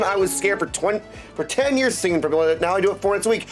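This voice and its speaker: A man chatting excitably with his viewers on a live stream, full of catchphrases. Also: high voice, fast talker, faint music behind. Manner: excitable, chatty, keeps saying my dudes. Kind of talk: casual live-stream chat.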